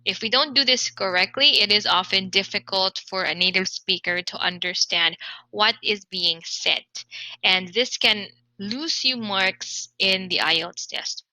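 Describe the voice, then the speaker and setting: A woman with a very bright, crisp voice teaching an online English pronunciation lesson. She speaks clearly and encouragingly and slowly repeats the example words. The sound is close and dry, with no room echo. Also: mid-range voice.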